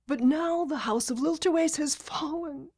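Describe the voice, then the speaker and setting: A woman voicing a fretful male merchant, talking quickly in a breathy, anxious manner. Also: high-pitched, a little mellow, voice pushed up, lightly acted.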